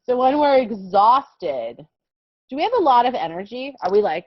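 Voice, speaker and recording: A young woman teaching English words to small children in a slow, patient, sing-song way, often checking with "okay?". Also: on the high side, sing-song, no room sound. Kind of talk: online vocabulary lesson for young children. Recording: dull lo-fi sound.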